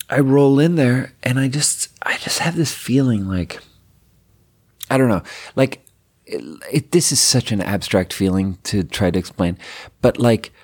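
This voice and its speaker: A man's voice: mid-range voice, darkish tone, slightly rough. A man telling a long personal story in a casual, rambling way, swearing often and using lots of fillers. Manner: rambling and profane, heavy with fillers.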